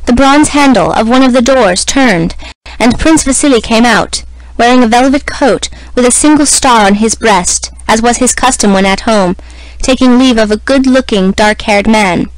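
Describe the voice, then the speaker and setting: A woman reading a classic novel aloud as scripted narration, in a measured, even manner. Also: on the high side, dry recording, low-quality recording. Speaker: audiobook reader.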